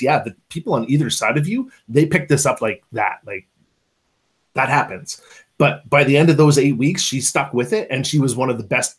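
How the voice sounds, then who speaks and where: A man hosting a podcast interview, telling stories in a relaxed, encouraging way. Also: mid-range voice, moderate pace, slightly rough. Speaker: podcast host. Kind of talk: casual interview chat.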